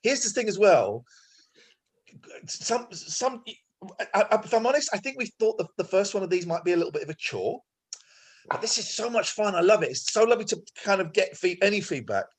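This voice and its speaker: Lively, husky-voiced man hosting. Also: sits high. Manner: jokey, quick to tease. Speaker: host running a monthly production meeting. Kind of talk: casual group chat on a video call.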